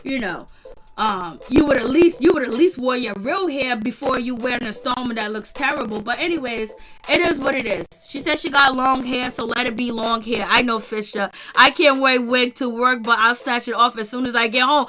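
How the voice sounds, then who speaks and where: A woman hosting a casual recap show, chatty and animated, often laughing and talking straight to her viewers. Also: a little high, moderate pace, soft background music. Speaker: host of a reality-show recap channel. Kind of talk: casual commentary.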